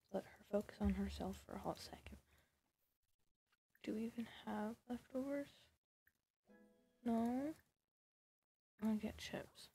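A woman's voice: a little high, slow, gravelly, pauses often, mellow, a little hiss or hum. A woman giving casual, sarcastic commentary over a life-sim game, scolding the characters and often dropping to a whisper. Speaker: gaming video creator.

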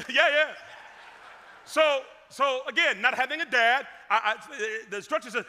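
Cleveland-raised preacher, sharp bright tone, deliberate storytelling pace. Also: male voice, very high-pitched, expressive. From Cleveland, USA. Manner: humorous then solemn, dramatic swings from loud to hushed. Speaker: guest preacher. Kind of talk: storytelling sermon. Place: church sanctuary. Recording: long reverb of a church sanctuary.

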